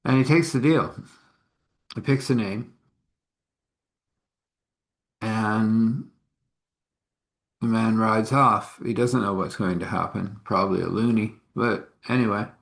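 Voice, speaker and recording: Male storyteller, low-voiced, relaxed and folksy, dropping chuckling asides. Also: slow, vocal fry, long pauses. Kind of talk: casual spoken storytelling.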